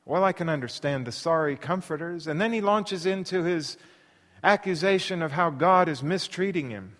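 Expressive preacher in an echoing hall. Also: male voice, fairly high pitch, moderate pace. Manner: expressive, shifts into dramatic readings. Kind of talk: sermon.

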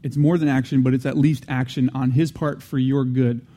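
A man preaching in an earnest, teaching manner, with a mellow, warm tone. He circles back to repeat his main points and slips in casual asides between restarts. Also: medium pitch, little pitch movement, moderate pace. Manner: frequent restarts and fillers, conversational asides. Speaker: Christian teacher. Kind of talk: teaching sermon.

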